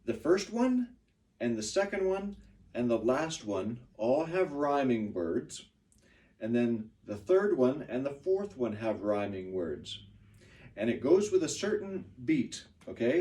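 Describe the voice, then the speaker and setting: A man teaching a pronunciation lesson to a class, patient and lively, exaggerating the stressed words. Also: medium pitch, slow pace, far from the mic.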